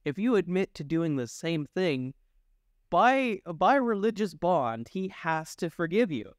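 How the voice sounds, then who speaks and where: A man co-hosting a casual comedic chat, teasing his partner with quick jokey comebacks. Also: sits high, sing-song, no room sound, clean studio sound. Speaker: podcast co-host.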